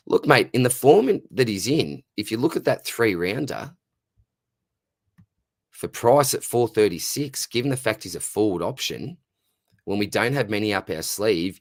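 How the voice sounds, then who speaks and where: A young Australian man hosts a fantasy football livestream, answering viewers in a relaxed, matey way. His voice sits very low. The sound is dry and close with no room echo. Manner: chatty, says "mate" constantly, greets viewers by name. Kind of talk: casual livestream chat reading viewer comments.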